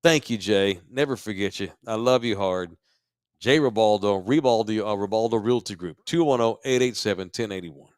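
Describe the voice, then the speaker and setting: A man's voice: lowish voice, moderate pace, smooth, no echo, clean studio sound. A man co-hosting a podcast, talking in a loose, rambling, jokey way. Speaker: podcast co-host. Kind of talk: casual chat.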